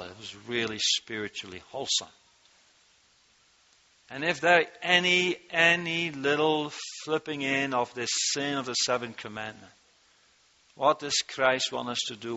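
A man preaching an earnest sermon, his voice rising in pitch and force when he reads from scripture. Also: sharp tone, lo-fi sound. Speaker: pastor.

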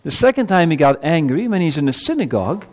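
Here the pastor's voice sits on the high side, darkish and sing-song, moving fast. His earnest, emphatic preaching climbs in intensity as he drives each point home, echoing through the long reverb of a church hall.

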